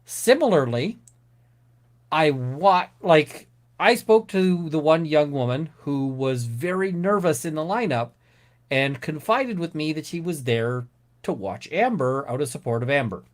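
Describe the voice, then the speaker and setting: A man with a slightly high voice, co-hosting a casual live-stream chat. He rants and swears freely as he talks. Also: expressive, unhurried. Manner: swearing, ranting. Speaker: co-host.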